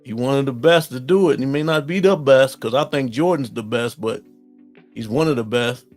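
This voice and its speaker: A middle-aged man from Ohio with an Ohio accent, hosting a casual live-stream chat, reading viewer comments and answering them in an animated, folksy way. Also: mid-range voice, fairly quick, faint music behind. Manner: animated, talks straight to viewers, folksy slang.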